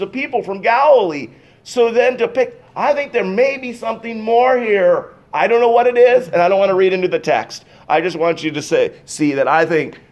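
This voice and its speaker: A man preaching in a church, his voice set a little higher than most men's. He swings between loud, emphatic bursts and hushed, intense passages as he talks to his congregation. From Pacific Northwest. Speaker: pastor. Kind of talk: sermon. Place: church sanctuary.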